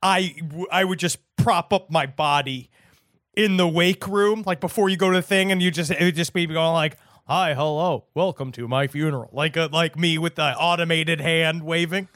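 A man co-hosting a podcast in casual comedic chat, rambling and trading crude deadpan jokes. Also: on the high side, normal speed, dry recording, studio quality. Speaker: podcast co-host.

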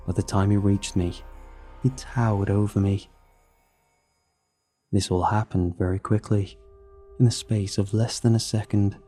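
A man narrating a horror story in a measured, grim storytelling manner. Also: fairly low pitch, steady tone, dark tone, husky. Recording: narration with faint music underneath.

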